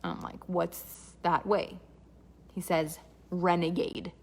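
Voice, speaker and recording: A woman's voice: on the low side, fairly even intonation, slow pace, husky. A woman from Canada telling a comic personal story with dramatic asides and quoted dialogue.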